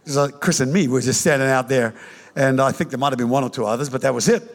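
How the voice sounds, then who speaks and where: An older man preaching a sermon, telling his own conversion story in an animated, joking way with many restarts. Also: medium pitch, fast talker. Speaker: pastor. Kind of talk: sermon with personal testimony. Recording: reverberant hall.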